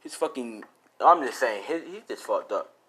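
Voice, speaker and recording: A man improvising a fan story out loud, rambling and profane, often correcting himself and laughing at his own lines. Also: mid-range voice, animated, normal speed, husky.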